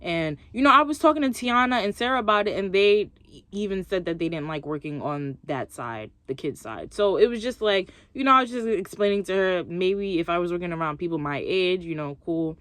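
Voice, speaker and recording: A woman's voice: on the low side, animated, brisk, a bit bright, smooth, dry recording. A young woman vlogging, chatting expressively as she tells a story and acts out what others said. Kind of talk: casual storytelling to camera.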